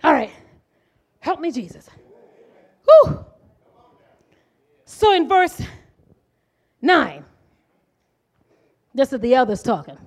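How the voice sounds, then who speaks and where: A middle-aged woman preaching with fervor, her very high voice leaping up and down in pitch. She drops to quiet asides, then rises into shouted declarations to her congregation. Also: very animated, takes it slowly, long pauses, husky. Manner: impassioned, swings from hushed to shouting. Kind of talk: sermon.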